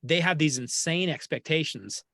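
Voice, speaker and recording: A man hosting a sports talk show, talking in an animated, opinionated and jokey way. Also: a little high, moderate pace, dry recording, clean studio sound. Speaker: podcast host.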